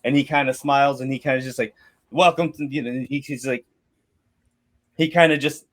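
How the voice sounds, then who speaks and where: A man's voice: medium pitch, fairly even intonation, brisk. A man narrating a tabletop game as game master, rambling with restarts and casual swearing.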